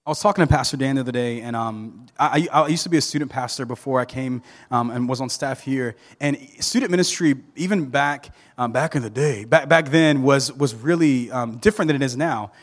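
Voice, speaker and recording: A man preaching a sermon as a pastor, animated and joking, with many restarts. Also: medium pitch, brisk, hardly any pauses, big-room sound. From Southern United States. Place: church sanctuary.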